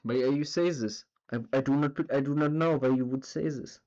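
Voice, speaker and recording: A man's voice: mid-range voice, steady tone, fairly quick, darkish tone, highs cut off, natural voice. A man putting on a baffled German guy. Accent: German (put on). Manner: broken English, repeating the same question.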